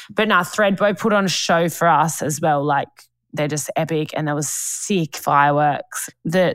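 Low-voiced chatty woman. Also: no room sound. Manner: chatty, slangy, laughs often. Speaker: podcast co-host. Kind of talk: casual chat.

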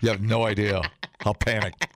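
A man from Wisconsin co-hosting a casual chat, joking and rambling with sudden loud outbursts. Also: on the low side, flat delivery, moderate pace, noisy background. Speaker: podcast co-host.

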